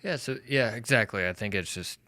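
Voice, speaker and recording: Male podcast host, deep voice, dry close sound, candid and self-mocking. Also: fairly quick, bright, forceful tone, no room sound. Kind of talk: casual conversation. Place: studio.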